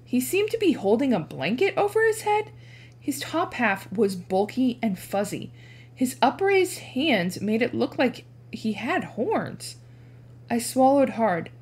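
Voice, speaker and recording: Woman reading a chapter book aloud. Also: unhurried. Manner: animated, changes pitch for dialogue. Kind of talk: expressive read-aloud narration.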